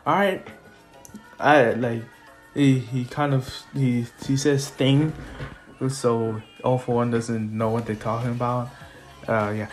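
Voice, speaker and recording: Young man, casual rambling storyteller, halting, soft lofi music under. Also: medium pitch, steady tone. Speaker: fan storyteller.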